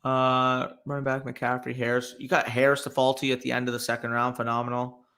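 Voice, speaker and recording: A young man with a bright, forward voice runs a casual live stream. He reads chat questions aloud and fires back loose, quick reactions. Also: medium pitch, flat delivery, smooth. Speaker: fantasy football podcast host.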